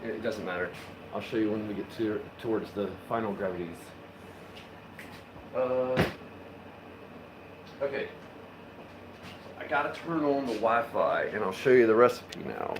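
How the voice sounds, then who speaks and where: A man's voice: on the low side, unhurried, pauses often, reverberant, noisy background. A man live-streaming his home beer brewing, chatting casually, rambling and swearing as he works in his kitchen. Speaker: homebrewing streamer.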